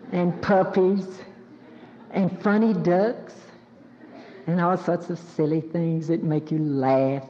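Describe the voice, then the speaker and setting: With a mellow voice on the low side, a woman in her seventies from the American South entertains an auditorium crowd with folksy, self-deprecating stories and fields questions. The lo-fi recording carries a little hiss or hum and the hall's reverberation.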